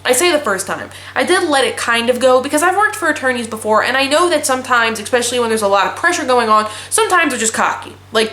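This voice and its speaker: A young woman in her twenties talks in a slightly high voice, blunt and swearing freely as she rants. Her voice bounces around an echoey room. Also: fairly bright tone. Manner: blunt, profane ranting storyteller. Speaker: vlogger. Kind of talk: casual chat.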